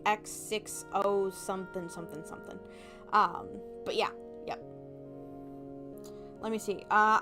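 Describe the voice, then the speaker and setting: A woman's voice: on the high side, a bit bright. A young woman chatting casually on a livestream, bubbly and giggly, acting out little reactions. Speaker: vtuber streamer.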